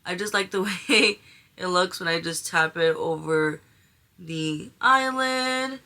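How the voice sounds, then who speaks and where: Young woman, beauty vlogger, bright tense tone, chatty, gushing, slangy. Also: on the low side, slow pace. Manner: chatty, gushing, uses slang like "she is giving". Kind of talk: casual makeup tutorial chat.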